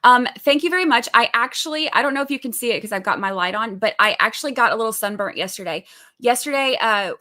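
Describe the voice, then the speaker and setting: A woman's voice: a little high, animated, fast talker, sharp tone. A woman with a Southern accent from Georgia, hosting a trial livestream in a chatty, upbeat way, reading viewer comments and explaining court steps plainly. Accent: Southern American (Georgia). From Georgia, USA. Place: indoors, away at the beach this week.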